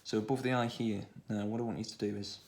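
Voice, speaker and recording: A man with a Stoke-on-Trent accent, talking through a children's drawing tutorial in a relaxed way, thinking aloud as he draws. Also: fairly low pitch, fast, slight background noise. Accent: Stoke-on-Trent English. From England. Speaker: art tutor.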